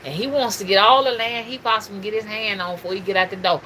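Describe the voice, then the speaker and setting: Middle-aged woman, bright forceful voice, preachy livestream host with faint room noise. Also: medium pitch, fast talker, rough recording. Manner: animated, preachy, addresses viewers as y'all. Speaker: spiritual reader and livestream host. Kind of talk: casual livestream talk.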